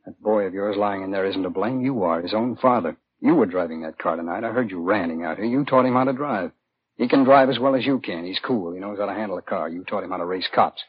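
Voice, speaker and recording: A weary, blunt doctor. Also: male voice, deep voice, quick pace, hardly any pauses, slightly rough. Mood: scolding. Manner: plain-spoken, turns sharply scolding. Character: weary, blunt middle-aged male doctor. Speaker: hospital doctor. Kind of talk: 1950s radio drama acting. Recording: dull old radio broadcast.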